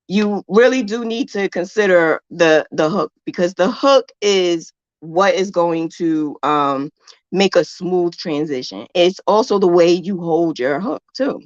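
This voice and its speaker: A woman's voice: lowish voice, dry recording, dull audio. A woman hosting a casual crochet livestream, talking in a playful, chatty way and likening crochet hooks to a romance. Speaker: crochet host.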